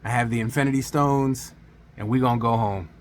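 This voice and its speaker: A man delivering a movie review in a sarcastic, emphatic rant. His voice sits at an ordinary middle pitch, and he talks straight to his viewers in a casual vlog style. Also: steady tone, brisk, slight background noise.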